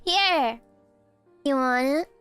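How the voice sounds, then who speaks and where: A young woman streaming live, who teases her chat in a giggly, playful way while pretending to be a barista and sometimes breaks into squeaky outbursts. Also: lively intonation, drawn-out words, a bit bright, no echo, soft background music.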